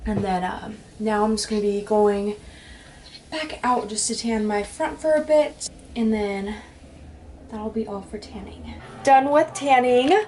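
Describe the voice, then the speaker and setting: A bubbly young woman chats casually to her handheld camera at home, her voice pitched in a middle range. She rambles in a friendly way, full of "dude" and "like". A faint hiss sits behind her voice. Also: measured pace, warm tone. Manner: chatty, bubbly, laughs often, says "dude". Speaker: vlogger and bodybuilding competitor. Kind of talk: casual vlog chat.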